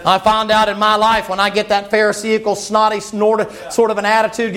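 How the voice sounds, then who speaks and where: High-voiced preacher, folksy and animated. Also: male voice, normal speed, hardly any pauses. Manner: folksy, animated, shouting at peaks. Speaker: pastor. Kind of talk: sermon.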